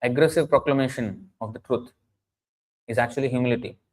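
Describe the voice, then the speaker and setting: Male preacher, emphatic and earnest, mid-pitched, lecture-style sermon. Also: steady tone, fairly quick, low-quality recording. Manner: emphatic, earnest, with frequent restarts and chanted Sanskrit verses.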